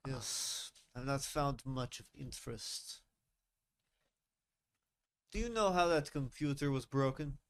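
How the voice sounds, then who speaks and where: A man putting on a deadpan Russian agent. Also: medium pitch, slow, long pauses, smooth, dry recording. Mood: cold, blunt. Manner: clipped, formal, deadpan. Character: stern foreign male government agent, cold and blunt.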